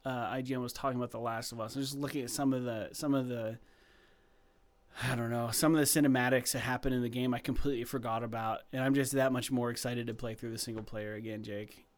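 Male co-host, loose excitable gamer chatter, rambles and restarts. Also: mid-range voice, fast. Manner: rambling, filler-heavy, excitable. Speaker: podcast co-host. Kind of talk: casual gaming chat.

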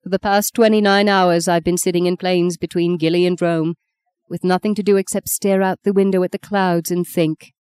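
A woman's voice: fairly low pitch, little pitch movement, normal speed, a little mellow, clear, resonant tone, no echo, natural voice. A woman voicing a hard, cold grieving mother. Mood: weary. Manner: harsh, cold, clipped. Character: fifty-three-year-old mother, hard, cold and determined.

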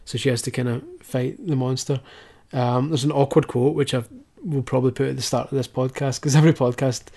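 A man's voice: mid-range voice, little pitch movement, fairly quick, mellow. A man hosting a casual podcast chat, sarcastic, swearing and laughing often. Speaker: podcast host.

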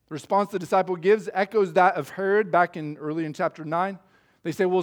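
A male pastor preaching a sermon in an emphatic, measured way, asking rhetorical questions. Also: sits high.

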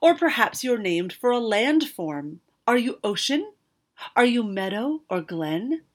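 A woman's voice: on the high side, sing-song, measured pace. A woman voicing a cranky, fussy old male wizard in a storybook reading, with a snappish, impatient manner. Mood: probing.

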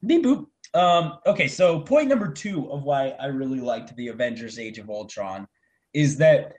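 Excitable young man reviewing a movie. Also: fairly high pitch. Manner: excitable, swearing, laughing often. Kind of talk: casual movie review chat.

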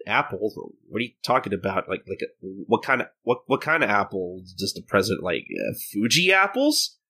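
A man voicing a lazy, grumbling male samurai with a deadpan complaining manner. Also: on the low side, moderate pace, slightly rough, exaggerated voice.

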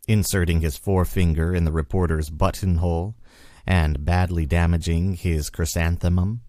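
Deep-voiced man reading a story. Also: warm tone, no room sound, clean studio sound. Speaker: guest reader.

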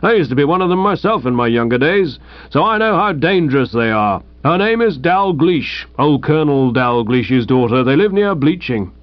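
A man voicing a hearty, brusque older woman with a loud ringing voice. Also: a little high, big pitch swings, moderate pace, no room sound, muffled recording.

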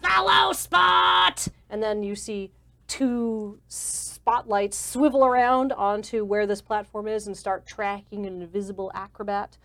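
A woman's voice: mid-range voice, little pitch movement, a little slow. A woman narrating a tabletop game as game master in a casual, descriptive way. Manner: casual, descriptive, many fillers.

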